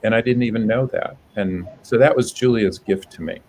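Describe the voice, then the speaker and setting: A man being interviewed over a video call, telling a personal story in a reflective, halting way. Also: lowish voice, slight background noise, low-quality recording. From United States. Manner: reflective, halting, with soft restarts. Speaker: guest, public health professor.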